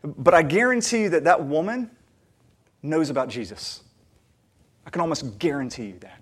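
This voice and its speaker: An earnest male pastor preaching with a slightly higher voice. He talks conversationally with fillers and restarts, then presses toward emphatic, louder stretches. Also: lively intonation, moderate pace, husky. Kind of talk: sermon.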